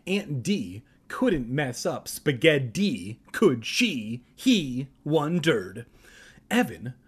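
A young adult man, a reader and comedian, reads a children's book aloud for laughs, breaking off into crude, self-deprecating jokes. His husky, medium-pitched voice is sing-song and extremely slow.

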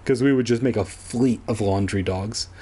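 A man's voice: lowish voice, normal speed, mellow, slightly rough. A man casually reading a children's book aloud, breaking off for irreverent, swearing asides. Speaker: reader. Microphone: home recording, edited later.

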